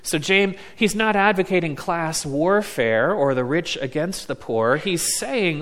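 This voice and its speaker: A man preaching a sermon as a pastor, slow and deliberate, leaning on words with emphatic pauses. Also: high-pitched, big pitch swings, a bit bright. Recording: long reverb of a large hall.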